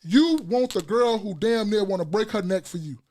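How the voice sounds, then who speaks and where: A man's voice: sits high, lively intonation, normal speed, darkish tone. A middle-aged man as a podcast guest in casual chat, blunt and profane, telling stories animatedly.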